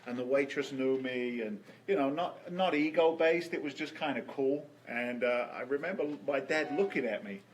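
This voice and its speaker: A man's voice: mid-range voice, moderate pace, few pauses, a little hiss or hum, rough recording. Man telling stories in an interview. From England. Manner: storytelling, repeats words as he restarts. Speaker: guest. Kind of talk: casual interview chat.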